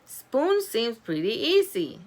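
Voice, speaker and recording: An animated woman reads a children's chapter book aloud at home. Her voice bounces up and down with lively pitch, and she takes her time over every sentence. She often breaks off to giggle and chat about the pictures. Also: slow. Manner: animated, giggly, stops to comment on the story. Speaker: storybook reader.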